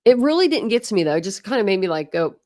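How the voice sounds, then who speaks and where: A woman in her thirties chatting casually with viewers on a livestream from home, frank and quick to laugh, thanking commenters by name. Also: mid-range voice, very animated, mellow, no room sound, studio quality. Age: 30s. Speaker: livestream host. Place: home, indoors.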